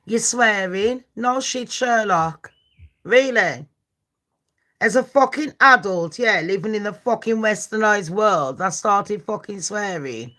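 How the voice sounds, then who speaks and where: A confrontational woman in her forties hosts a live stream, swearing, ranting and challenging commenters amid true-crime chat. Her mid-range voice is animated and slow, with a sharp tone.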